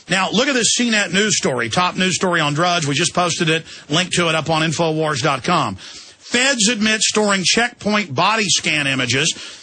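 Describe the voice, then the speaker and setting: A man's voice: sits high, pushed and bright, husky, no echo. A man hosting a talk radio show, speaking emphatically and in an agitated, rambling way. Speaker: radio host.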